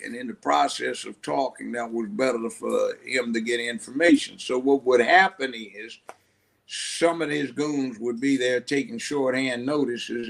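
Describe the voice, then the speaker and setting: Older man, gravelly, lively raconteur doing voices in his anecdotes. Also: medium pitch. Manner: animated storyteller who acts out voices. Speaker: guest. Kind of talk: storytelling interview.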